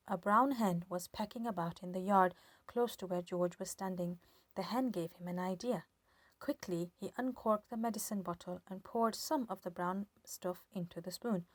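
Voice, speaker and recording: A woman's voice: medium pitch, normal speed, no room sound. Woman reading a children's book aloud. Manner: lively expressive storytelling. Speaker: storybook reader.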